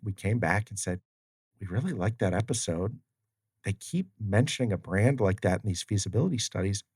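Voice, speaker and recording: A man's voice: fairly low pitch, lively intonation, brisk, darkish tone, slightly rough, no echo, clean studio sound. A man who works in tribal community development, talking casually as a guest in an interview and acting out the exchanges in the stories he tells. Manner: storytelling, acts out quoted exchanges, many fillers. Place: studio. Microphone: studio mic.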